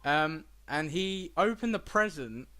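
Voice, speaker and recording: A young man co-hosting a casual podcast, telling animated stories and swearing freely. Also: on the high side, slow pace. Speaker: podcast co-host. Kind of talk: casual chat.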